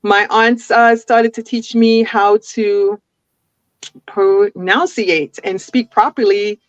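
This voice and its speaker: A woman's voice: medium pitch, steady tone, takes it slowly, dry recording. A woman from an island who talks as an interview guest on a video call. She chats with many restarts and laughs often. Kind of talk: casual interview chat. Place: home with a forest backdrop. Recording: dull lo-fi video call audio.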